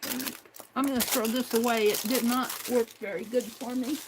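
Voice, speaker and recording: A woman's voice: fairly high pitch, steady tone, normal speed, noisy background. A woman hosting a craft livestream, talking herself through each step at her home desk. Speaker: craft channel host. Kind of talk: casual crafting livestream narration.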